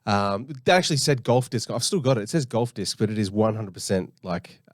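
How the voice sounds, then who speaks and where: A man's voice: on the low side, lively intonation, a little fast. An Australian man co-hosting a podcast, telling a rambling story in a laid-back way with lots of fillers. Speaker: podcast co-host. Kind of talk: casual storytelling chat.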